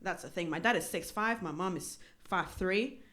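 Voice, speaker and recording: A woman performing stand-up in a small comedy club, chatting with the crowd in a self-deprecating way, often pausing on "um". English is not her first language. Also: fairly low pitch, fairly bright tone. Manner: self-deprecating, crowd work, many ums.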